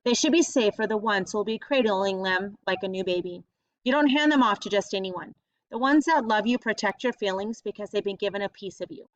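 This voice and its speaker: A woman voicing a warm, folksy elderly grandmother who talks in a gentle, comforting drawl. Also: mid-range voice, fairly quick, no room sound, lightly acted. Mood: tender. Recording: dull lo-fi audiobook recording.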